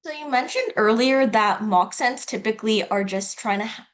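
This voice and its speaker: A woman host interviewing a guest, asking plain, steady questions in a casual tone. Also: on the high side, normal speed.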